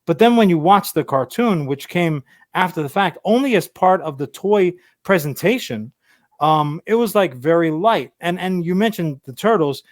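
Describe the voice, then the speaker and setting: Male co-host, profane rambling storyteller, a bit high-pitched, dry recording. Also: animated, normal speed, dry recording. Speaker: podcast co-host. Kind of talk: casual chat.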